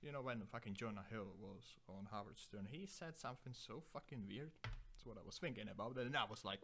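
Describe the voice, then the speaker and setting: A man's voice: fairly low pitch, lively intonation, brisk, bright, forceful tone, a little hiss or hum. A young man hosting a solo podcast, rambling through profane, self-deprecating digressions. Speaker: podcast host.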